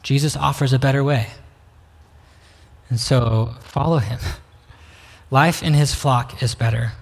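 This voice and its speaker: A man preaching a sermon as pastor, slow and reflective, pausing to invite listeners in. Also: mid-range voice, creaky. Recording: long reverb of a hall.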